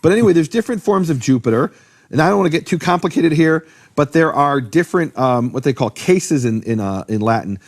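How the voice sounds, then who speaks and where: Man explaining with animated questions. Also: on the high side, fairly quick. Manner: animated, rhetorical questions, frequent restarts. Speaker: Bible teacher explaining Hebrew names. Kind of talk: conversational lecture.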